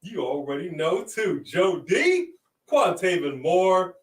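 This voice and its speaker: A man hosting a casual livestream, giving playful, hyped shout-outs to viewers. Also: high-pitched, very animated, slow pace, reverberant, distant mic, low-quality recording. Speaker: host.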